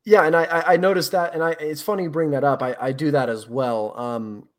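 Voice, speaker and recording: A man's voice: fairly high pitch, steady tone, fairly quick. A man from Northern Virginia with a Mid-Atlantic accent, talking in an articulate, somewhat professorial way in casual podcast conversation. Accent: Mid-Atlantic American.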